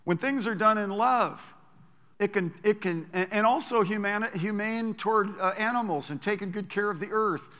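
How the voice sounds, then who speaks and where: A male pastor preaching with a bright, forceful voice pitched a little high. His delivery is conversational and animated, full of quick restarts. The sound carries a long reverb from a large church hall. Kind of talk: sermon.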